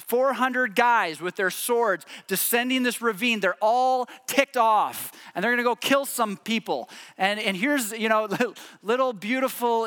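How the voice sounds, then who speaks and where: A man preaching a sermon, retelling a story with lively, acted-out quotes. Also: high voice, big-room sound. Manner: animated storytelling, acts out quotes. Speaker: pastor.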